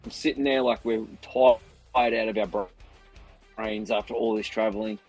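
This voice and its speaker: An Australian man, a band musician, telling a long story in a lively, rambling way and acting out what people said. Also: fairly low pitch, moderate pace, gravelly, faint music behind, poor audio. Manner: animated, rambling, acts out others' lines. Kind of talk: casual storytelling on a livestream.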